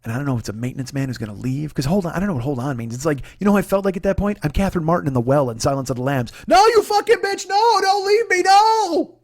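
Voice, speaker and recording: A man hosting his own comedy show, telling a long story in a profane, animated, self-deprecating way. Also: mid-range voice, racing, few pauses, dry recording, studio quality. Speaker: comedian host. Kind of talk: comic storytelling monologue.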